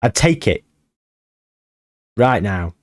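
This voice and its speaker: A man giving excited, swearing commentary on a football management game he is playing. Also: fairly low pitch, slow pace. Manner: animated, swearing, shouting at the match. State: out of breath. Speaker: gaming streamer.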